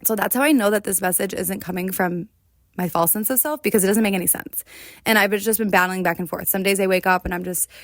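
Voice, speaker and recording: A woman's voice: medium pitch, quick pace, fairly bright tone, no echo, studio quality. A woman hosting a solo podcast, talking in an earnest, confessional way and often checking in with "right?". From United States. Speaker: podcast host. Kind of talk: reflective solo podcast talk.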